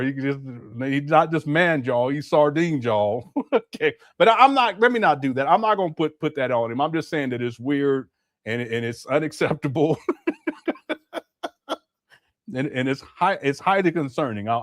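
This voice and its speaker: A man's voice: fairly high pitch, animated, moderate pace, dry recording, clean studio sound. A man chatting casually on a live stream, musing aloud and repeating himself as he comments. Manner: rambling, musing, with a lot of repetition.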